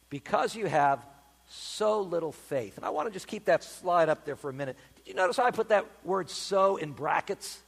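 A man preaching a sermon as pastor, emphatic and animated, with dramatic pauses. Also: high voice, husky, long reverb tail.

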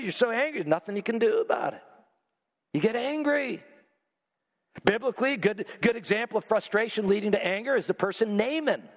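Male pastor, sermon delivery, animated and expressive, high voice with wide swings. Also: a little fast, in a large hall. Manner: animated, acts out listeners' reactions.

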